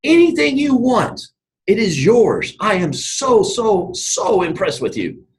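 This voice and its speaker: A man voicing a grand, boastful king who makes slow, drawn-out proclamations. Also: high voice, sing-song, pitched above the performer's own voice, heavily acted, poor audio. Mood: proclaiming.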